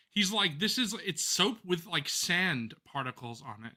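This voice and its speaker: A man with a very bright, ringing voice and a fairly high pitch tells a long story on a live stream. He talks in a casual, animated and profane way. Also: normal speed, few pauses. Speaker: co-host.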